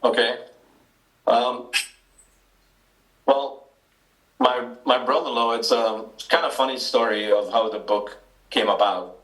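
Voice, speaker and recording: A man's voice: mid-range voice, fairly even intonation, slow, long pauses, fairly bright tone. Trinidadian man, roomy and distant. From Trinidad and Tobago. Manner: hesitant, many ums and restarts. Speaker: author, guest. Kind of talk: interview answers.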